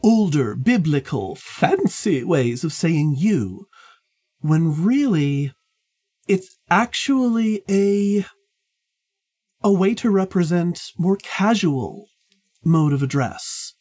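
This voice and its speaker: A woman's voice: fairly low pitch, animated, takes it slowly, warm tone, husky. A woman hosting a casual book discussion, explaining points at length with many fillers. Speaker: podcast host.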